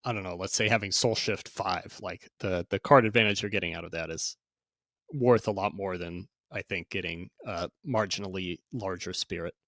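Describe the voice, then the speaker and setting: A man's voice: deep voice, moderate pace, a bit bright, no room sound, studio quality. A man co-hosting a casual card game review podcast, speaking hesitantly and hedging his opinions. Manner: hesitant, hedging, laughs often. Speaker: podcast co-host.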